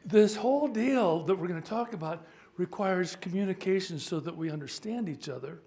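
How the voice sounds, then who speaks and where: Older male clergyman, informal teaching talk, wry asides, voice a touch high. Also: lively intonation, moderate pace, dark tone. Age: 70s. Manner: chatty, joking, stops to sort out sound. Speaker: priest leading a workshop.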